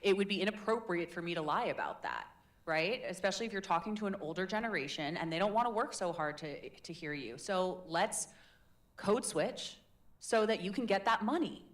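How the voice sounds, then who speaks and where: A woman's voice: medium pitch, lively intonation, fairly quick. A woman leading a live public speaking workshop in a chatty, demonstrative, encouraging way. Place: meetup room in a tech hub.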